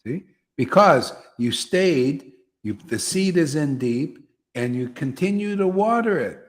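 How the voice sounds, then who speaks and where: A man's voice: a little high, animated, slow. A man teaching a devotional gathering, repeating phrases and often asking "see?". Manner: repetitive, emphatic, asks listeners "see?". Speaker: spiritual teacher leading satsang.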